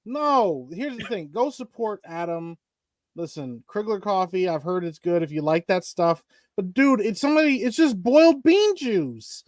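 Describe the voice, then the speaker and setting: A man on a podcast as a guest, chatting casually and riffing in an animated way. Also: high voice, moderate pace, no room sound, clean studio sound. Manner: animated, exclaims and riffs.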